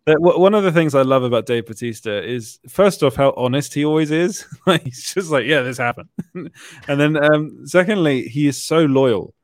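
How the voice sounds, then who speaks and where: A British man hosting a casual podcast chat, giggly and full of quick restarts. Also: mid-range voice, no echo, clean studio sound. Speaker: podcast host.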